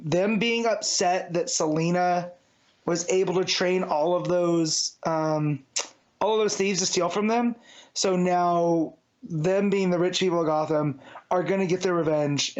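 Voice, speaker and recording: Man with a muffled lo-fi sound. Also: fairly high pitch. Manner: rambling, many fillers and restarts. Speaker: podcast co-host. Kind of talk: casual comic book review chat. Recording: dull lo-fi sound.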